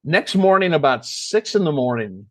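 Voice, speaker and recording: A man's voice: fairly high pitch, sing-song, moderate pace, no echo. An older American man, a comedy writer, telling a long story and acting out the voices of the people in it. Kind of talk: storytelling interview.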